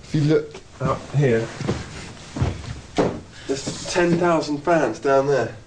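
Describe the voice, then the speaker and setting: A man's voice: a little high, slow, background noise. A young man in his twenties, a band member, joking and self-mocking in a casual interview. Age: 20s.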